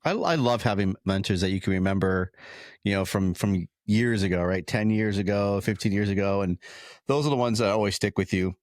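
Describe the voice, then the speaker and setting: A man's voice: fairly low pitch, brisk, no room sound, studio quality. A man hosting a casual podcast interview, easygoing and friendly in tone, talking shop about teaching firefighters. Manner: relaxed, easygoing, says "dude" and "man". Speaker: podcast host and fire service instructor.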